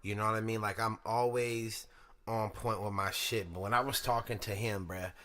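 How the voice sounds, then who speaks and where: Profane, hyped young podcast host. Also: male voice, on the low side, fairly even intonation, normal speed, a bit bright. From Sacramento, California. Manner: profane, slangy, hyped-up talk to listeners. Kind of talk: casual monologue podcast.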